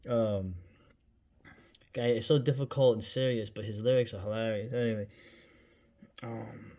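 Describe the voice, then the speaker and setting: A man's voice: on the low side, fairly even intonation, measured pace, a little mellow. A man reviewing a book in a casual vlog, rambling with many fillers, asides and "right?" tags, and now and then swearing or saying "dude".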